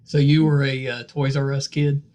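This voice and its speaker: A man with a West Virginia accent hosting a podcast interview, easygoing and joking, often trailing off softly at the ends of phrases. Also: mid-range voice, monotone, normal speed. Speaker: podcast host. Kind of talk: casual interview.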